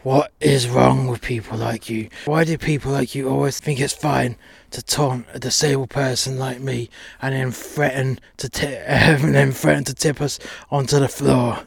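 A man's voice: medium pitch, fairly even intonation, moderate pace, gravelly, husky, dry recording. A man playing an angry, vengeful father in a wheelchair who swears and makes threats. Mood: furious.

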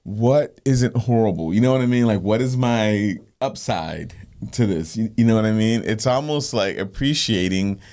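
A man's voice: on the low side, lively intonation, normal speed, darkish tone. A man co-hosting a Christian podcast, talking casually and often asking "you know what I mean". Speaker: podcast co-host. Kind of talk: casual faith discussion.

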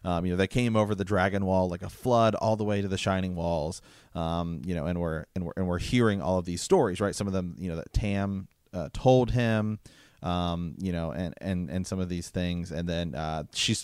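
A man's voice: low voice, moderate pace, darkish tone, clean tone, dry recording, studio quality. A man chatting about a book series and reading passages from it aloud, with lots of fillers between the lines. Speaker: book podcast co-host. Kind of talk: casual chat with read-aloud passages.

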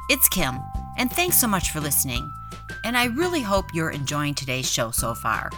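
A podcast host with a very low but lively voice reads her scripted narration with a teasing lilt. Her tone is bright, and faint music plays under her. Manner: smooth, teasing narrator delivery.

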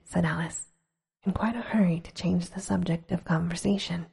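A woman reading a storybook aloud in a slow, hushed, gentle whisper. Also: on the low side, fairly even intonation, vocal fry, husky.

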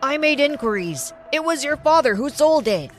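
A woman voicing an angry male pawn shop owner who talks loudly and accusingly in an animated story. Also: high voice, normal speed, soft background music. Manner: loud, accusing.

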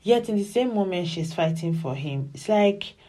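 A woman giving casual, animated commentary as she reviews a television drama. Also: mid-range voice, normal speed. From Nigeria. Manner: animated and emphatic, often acts out dialogue.

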